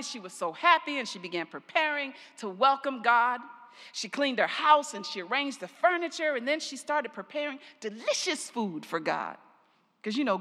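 An older woman pastor preaching a sermon, telling stories slowly and deliberately, her phrase endings trailing off softly. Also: on the high side. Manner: slow, deliberate storytelling with soft trailing endings. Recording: long reverb of a large hall.

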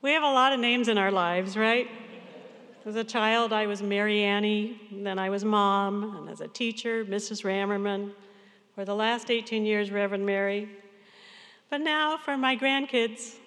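A woman in her sixties, a pastor, giving an earnest, measured sermon to her congregation. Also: mid-range voice, a bit bright, long reverb tail. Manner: earnest, measured farewell address.

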